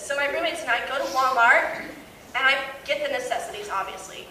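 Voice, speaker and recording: A young woman doing a stand-up comedy set in a large hall before a live audience. She tells stories in an animated way and often breaks into laughter, and she is heard from far off with loud audience noise. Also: high-pitched, brisk. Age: young adult. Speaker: student comedian.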